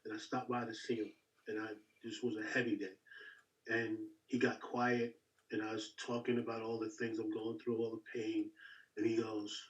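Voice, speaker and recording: A man's voice: fairly low pitch, little pitch movement, normal speed, distant mic, poor audio. A man sharing a testimony in casual chat, emphatic and given to repeating words.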